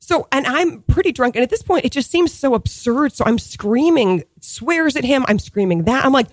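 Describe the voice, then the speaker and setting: A woman in her thirties tells a story in a loose, chatty way, leaning on fillers and breaking into laughs. Her pitch swings widely from line to line. The sound is dry and close, with no room echo. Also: moderate pace. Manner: animated, heavy on "like" and "you know" fillers, laughs often. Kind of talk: casual storytelling chat.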